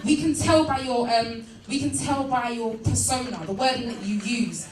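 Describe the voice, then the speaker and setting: A woman's voice: a little high, moderate pace, over loud music. A young woman confidently telling an audience her own story. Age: young adult. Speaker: speaker sharing her story. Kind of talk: personal testimony to an audience. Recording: echoey hall from far off.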